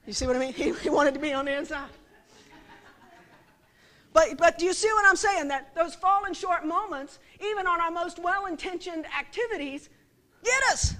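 High-voiced woman preaching conversationally. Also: normal speed, long pauses, pushed and bright. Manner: conversational, frequent rhetorical questions, acts out quotes. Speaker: speaker at a church service. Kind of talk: sermon.

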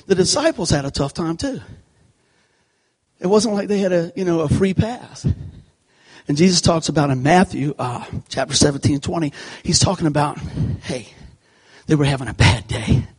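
A man giving an animated sermon, telling a folksy personal story and acting out the scenes. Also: fairly high pitch, slightly rough. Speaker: church speaker. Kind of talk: sermon told through a comic personal story.

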